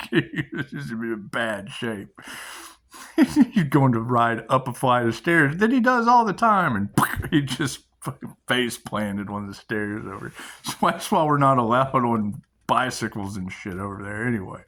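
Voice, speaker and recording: A man's voice: mid-range voice, lively intonation, unhurried, fairly bright tone. A middle-aged man hosting his own channel, giving a rambling spiritual monologue and storytelling, swearing casually and laughing often. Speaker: channel host.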